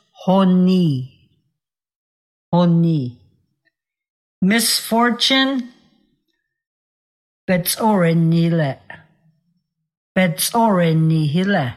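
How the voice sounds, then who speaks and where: A woman teaching vocabulary and telling a short fable, repeating words slowly for learners and raising her voice for the characters. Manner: voices characters with raised pitch. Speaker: language teacher. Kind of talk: storytelling and vocabulary lesson.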